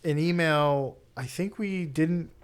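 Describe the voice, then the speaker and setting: A man co-hosting a podcast in casual chat, chatty and quick to laugh, sometimes stumbling over words. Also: on the high side, smooth. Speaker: podcast co-host.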